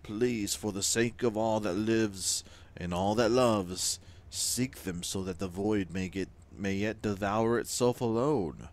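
A man voicing an ancient, solemn female weaver of time, reading game dialogue in a slow, hushed, grave way. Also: fairly low pitch. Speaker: let's play gamer.

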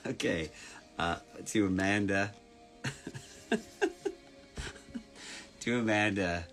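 A man's voice: deep voice, lively intonation, a little slow, pauses often, a bit bright, soft background music. A man chatting casually on a live stream, reading out fans' names, spelling them, and signing orders in a playful way.

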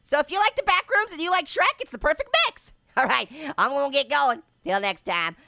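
A man's voice: very high voice, wildly swooping pitch, a little fast, gravelly, sharp tone, dry recording, clean studio sound, exaggerated voice. A man voicing a wisecracking male talking orange who hosts cartoon game commentary, punning and giggling with constant exclamations. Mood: gleeful. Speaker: gaming channel host. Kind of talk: cartoon let's-play commentary in character.

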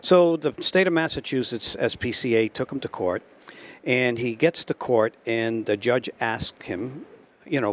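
A man telling a story in a casual talk show, animated, repeating himself and laughing at his own jokes. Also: mid-range voice, a little slow. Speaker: guest, trailer company co-owner.

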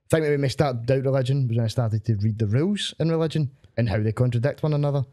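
A man's voice: mid-range voice, fast talker, dark tone. A Scottish man, a stand-up comedian, telling gig stories in casual podcast chat, laughing often and swearing freely. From Glasgow, Scotland.

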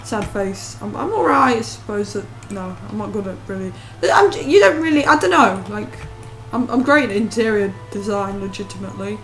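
A woman's voice: medium pitch, lively intonation, moderate pace, soft background music. A woman with a rambling, self-mocking, jokey manner, giving casual commentary while playing a life-sim game. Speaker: let's play host. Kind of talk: gameplay commentary.

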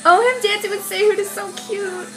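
A young woman hosting a reaction video, excitable, shrieking and laughing as she comments. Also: extremely high pitch, moderate pace, faint music behind.

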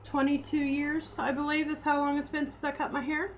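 A woman's voice: high voice, level tone, a little fast, a little hiss or hum. A woman chatting casually on her live stream, responding to viewers and cooing baby talk at her dog.

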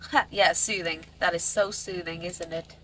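A woman's voice: lowish voice, fairly even intonation, normal speed, music in the background. A woman giving casual, crude, joking commentary while playing a horror game and reading its lines aloud. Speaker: gaming YouTuber.

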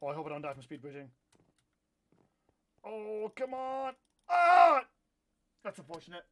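A young man from Iowa in his twenties, hosting a live gameplay stream and chatting in a rambling way, with sudden loud outbursts when the game goes wrong. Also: fairly high pitch, very animated, moderate pace. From Iowa, USA. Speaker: livestream host. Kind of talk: casual live gameplay chat.

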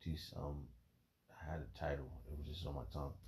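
A man in a rambling spiritual monologue, emotional and halting, peppering his talk with "man" and "bro". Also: rumbling low, level tone, a little mellow. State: emotional, holding back tears.

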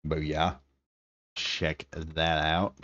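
A man's voice: rumbling low, little pitch movement, extremely slow, fairly bright tone, dry recording, lo-fi sound. A man giving casual, enthusiastic gameplay commentary, thinking aloud as he builds. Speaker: gaming video creator.

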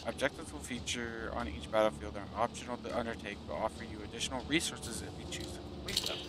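A man's voice: mid-range voice, fast talker, heavy background noise. A man giving casual gameplay commentary, joking and stumbling as he reads tutorial text aloud. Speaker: gaming video host. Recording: with loud game music behind.

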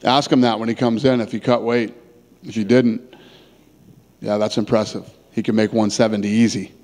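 A man's voice: on the low side, flat delivery, normal speed, a little mellow. Blunt middle-aged man in reverberant room. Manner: blunt, casual, restarts words often. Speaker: promoter answering press questions. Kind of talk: press conference answers. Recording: long reverb in a big room.

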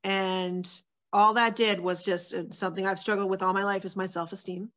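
A woman's voice: mid-range voice, flat delivery, normal speed, fairly bright tone. A woman sharing her personal testimony as a guest, in a candid, earnest storytelling manner with many fillers.

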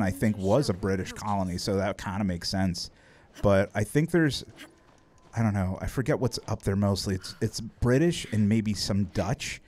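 A man's voice: on the low side, darkish tone. An American man chatting casually on a live stream, laid-back and chuckling, rambling with restarts. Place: home setup near Philadelphia.

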